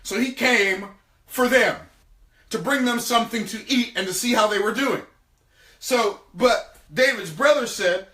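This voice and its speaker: A man preaching a sermon, retelling scripture in lively everyday speech. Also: high-pitched, measured pace, echoey room, recorded from a distance. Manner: animated, retells scripture in casual everyday talk. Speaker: preacher teaching on business and faith.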